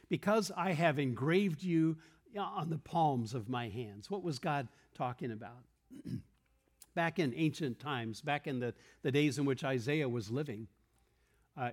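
Earnest man preaching to a room. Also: mid-range voice. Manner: earnest, explanatory, with rhetorical questions and quoted verses. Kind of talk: sermon. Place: church room with a congregation.

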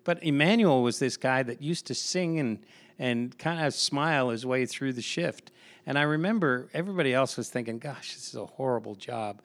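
A man's voice: medium pitch, moderate pace. A man, a pastor, chatting on a podcast and telling a work story with lots of restarts and repeated words. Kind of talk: casual podcast conversation.

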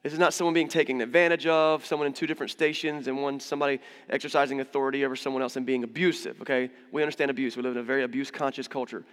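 A man preaching a sermon in a relaxed, conversational way, mixing humor and asides into his teaching, recorded in a church sanctuary. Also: mid-range voice, very fast, hardly any pauses, in a large hall. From United States. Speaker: pastor.

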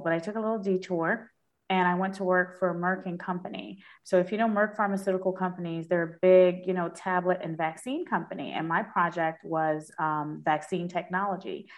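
A woman from New York, a dermatologist guest in an interview, telling her story in a lively way and laughing often. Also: lowish voice, normal speed.

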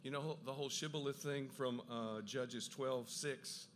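A man giving an enthusiastic Bible talk, with quick asides and frequent restarts as he explains. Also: mid-range voice, steady tone, a bit bright, slight background noise. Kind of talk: lively lecture on the Gospels.

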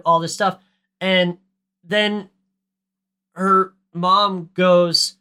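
A man's voice: high-pitched, slow, sharp tone. A man co-hosting a podcast, recapping a movie in casual chat with a ranty, profane, sarcastic manner. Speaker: podcast co-host.

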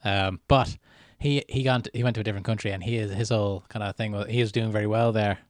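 A young man with an Irish accent, co-hosting a podcast and telling stories in a casual, animated way with frequent laughter. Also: lowish voice, fast talker, no echo, clean studio sound. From Ireland. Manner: animated storytelling, puts on voices in anecdotes, laughs often. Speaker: podcast co-host. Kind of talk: casual chat.

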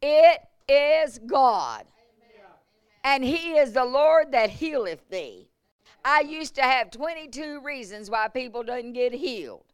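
A woman evangelist preaching at a revival service. Her voice is smooth and clear, and the sound is dry and close. She drops to hushed storytelling, then rises to shouted emphasis. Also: high voice, animated, a little slow, no room sound. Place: church service.

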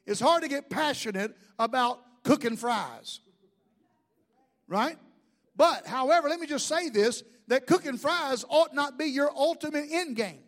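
Man, pastor, very high-pitched voice, lively sermon, jokes and asides to the congregation. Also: unhurried.

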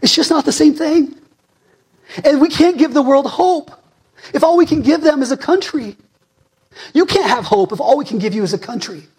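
A male pastor in his forties preaching a sermon in a fired-up, conversational way, swinging between loud emphasis and hushed asides. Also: very high voice, lively intonation, normal speed, pauses often.

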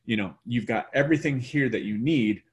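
A man's voice: mid-range voice, fairly quick. A man hosting a casual faith talk, speaking in a reflective, thoughtful way. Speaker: faith discussion host.

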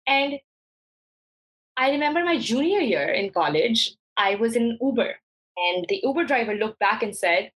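A young woman in her twenties, a guest telling a story in a casual, animated way, laughing often and acting out the voices of people she quotes. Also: on the high side, moderate pace, pauses often, low-quality recording.

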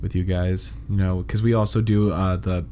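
A young man, co-hosting a podcast with teasing, deadpan asides in casual chat. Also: low-pitched, moderate pace, a little hiss or hum. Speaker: podcast co-host.

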